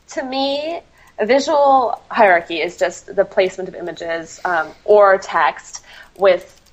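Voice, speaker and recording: A woman's voice: on the low side, rough recording. A woman copywriter answering interview questions, laughing often and apologizing for herself, with many ums. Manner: self-deprecating, laughs often, many fillers.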